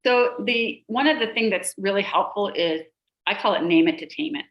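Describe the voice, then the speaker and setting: A middle-aged woman, a pediatrician and life coach, explaining emotions on a podcast and listing examples in a steady rhythm. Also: medium pitch, normal speed, lo-fi sound.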